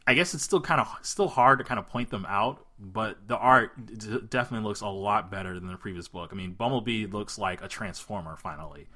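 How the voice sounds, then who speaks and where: A man's voice: lowish voice, fairly quick, few pauses, bright, forceful tone. A man co-hosting a casual podcast chat, hesitant with restarts and dry remarks. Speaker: podcast co-host.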